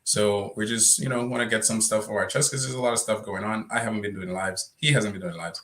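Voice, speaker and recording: Low, bright-voiced man chatting on a livestream. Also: fairly even intonation, fast. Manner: laughs often, loose and chatty. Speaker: livestream co-host. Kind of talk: casual livestream chat.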